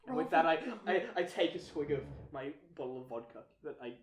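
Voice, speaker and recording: A man's voice: fairly high pitch, a little fast, reverberant, slight background noise. Young Australian man, playful tabletop player. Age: young adult. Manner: playful, laughing often. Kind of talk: tabletop game play.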